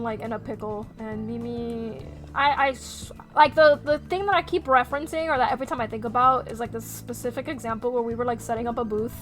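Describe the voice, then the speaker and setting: High-voiced chatty woman streamer. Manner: chatty, animated, swears freely. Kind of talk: casual chat while drawing on stream.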